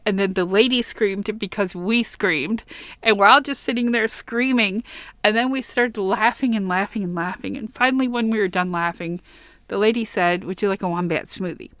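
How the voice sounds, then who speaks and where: A woman's voice: medium pitch, fairly bright tone, no room sound. A woman from Michigan rambling chattily through a casual plushie haul vlog in her bedroom, with frequent ums. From Michigan, USA. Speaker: vlogger.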